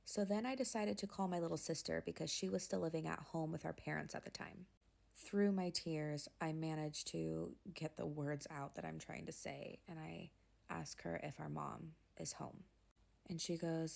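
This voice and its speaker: A young woman narrating a personal story in a confiding, emotional way, often dropping to a hushed voice. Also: deep voice, fairly even intonation, moderate pace, creaky.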